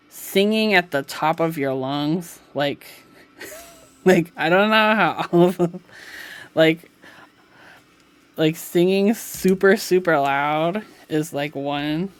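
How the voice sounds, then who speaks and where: A woman live streams from home, casually chatting with viewers as she reads the live chat. Her low voice is slow and smooth, and she laughs easily and says "like" a lot.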